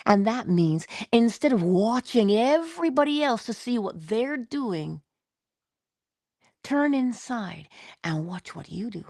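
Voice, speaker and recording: A woman giving a casual motivational talk, expressive, dropping into whispers and laughing often. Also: fairly high pitch, takes it slowly, no room sound, studio quality. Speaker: motivational vlogger.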